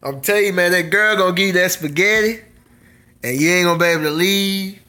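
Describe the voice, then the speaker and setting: With a high, sharp-toned voice and a slightly fast pace, this channel host, also a small business owner, jokes around with viewers on a live stream. He laughs a lot throughout the casual chat.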